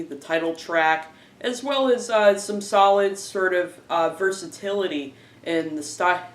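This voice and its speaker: A man giving a casual spoken album review, halting often with fillers and restarting his phrases. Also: a little high, fairly bright tone. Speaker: music reviewer. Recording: roomy, distant from the mic.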